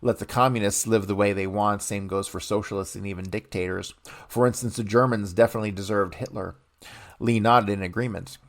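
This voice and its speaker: Guy reading a book on his podcast, gravelly low voice, stops to call stuff out. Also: fairly even intonation, a little fast. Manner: reads aloud, then stops to comment bluntly.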